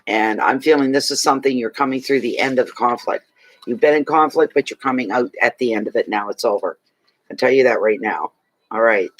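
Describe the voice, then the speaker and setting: A man's voice: mid-range voice, a little fast, fairly bright tone, slight background noise, low-quality recording. A man giving a tarot card reading to a client, speaking emphatically and repeating key phrases to reassure her. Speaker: tarot reader.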